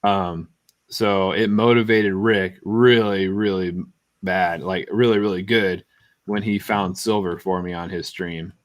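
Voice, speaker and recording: A man's voice: low-pitched, steady tone, measured pace. A middle-aged man chatting bluntly and emphatically on a live gaming stream, often repeating his words. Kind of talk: casual stream chat.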